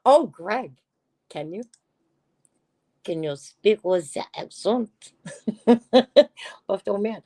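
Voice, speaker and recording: A woman's voice: fairly low pitch, slow pace, long pauses, mellow, no echo. A woman hosting a casual livestream, chatting in a teasing way and reading her viewers' comments aloud. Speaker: livestream host.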